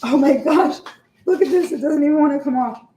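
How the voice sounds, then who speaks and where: A woman's voice: high-pitched, a little fast, mellow, a little hiss or hum. A woman chatting casually to her livestream viewers while she bakes at home, laughing often and trailing off with fillers. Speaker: vlogger baking on a livestream. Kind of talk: casual chat while baking. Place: home kitchen. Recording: echoey kitchen with faint ambience.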